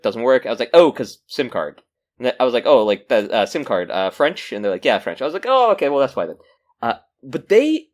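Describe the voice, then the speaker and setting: A male podcast co-host telling a rambling story in casual chat. His pitch rises and falls with lively swings, and his speed keeps shifting between fast bursts of words and drawn-out slow stretches. He is talking over a remote call mic.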